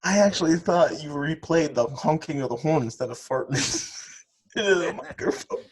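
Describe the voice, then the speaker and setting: A man with a husky, slightly raised voice makes crude jokes and needles his co-host. He talks in the easy, casual way of a chat between friends. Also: fairly high pitch, lively intonation, normal speed, rough recording. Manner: teasing, crude. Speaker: podcast co-host.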